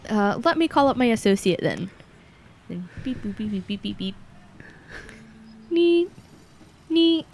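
A woman's voice: mid-range voice, lively intonation, normal speed, gravelly, a little mellow, a little hiss or hum. A woman playing a tabletop horror game, speaking hesitantly with many fillers.

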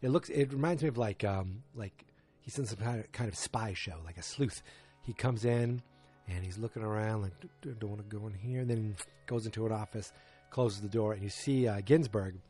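A man's voice: lowish voice, moderate pace, warm tone, soft background music. A man casually recapping a TV episode, thinking aloud and often restarting his sentences.

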